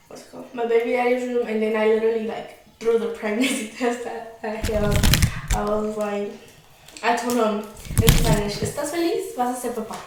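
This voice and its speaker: A woman's voice: fairly high pitch, background noise. A young woman in her late teens candidly telling a personal story in casual chat, talking with lots of likes and restarts. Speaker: vlogger. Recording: very echoey room, mic far off.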